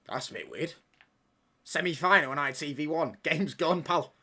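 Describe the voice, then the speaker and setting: A young man holds forth on football during a live stream from home, talking a little higher than most men. He rambles, trades jabs with his chat and throws in plenty of slang. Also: lively intonation, normal speed, bright, forceful tone, husky. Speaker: livestream watchalong host.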